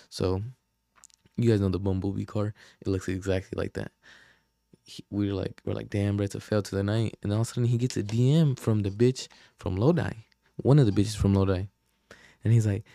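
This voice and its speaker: A young man spins a long, slangy story, packed with fillers, curses and acted-out quotes. His voice sits low with a dark, mellow tone, and it is recorded dry and close with no room sound. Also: vocal fry, dry recording. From Oakland, California. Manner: slangy, profane, rambling with many fillers. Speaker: podcast host. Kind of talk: casual storytelling.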